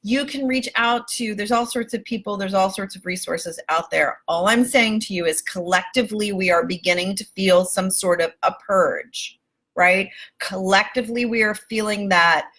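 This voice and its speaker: A woman life coach speaking live to her viewers, emphatic and affectionate, calling them baby and my love and swearing casually. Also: medium pitch. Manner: warm, emphatic, calls listeners baby and my love. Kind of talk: live-stream coaching talk.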